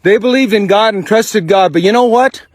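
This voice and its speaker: A fired-up man speaking outdoors on a farm, with a high voice. His sound is close and dry. He hammers the listener with angry, profane rhetorical questions. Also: normal speed, dry recording. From United States. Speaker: songwriter. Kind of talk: impassioned rant to camera.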